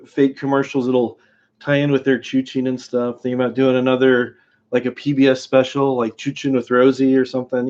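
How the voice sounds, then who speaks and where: A man's voice: mid-range voice, a little mellow. A man chatting casually on his live stream, rambling from one thing to the next and chuckling as he goes. He greets viewers by name. The sound is a bit dull and lo-fi.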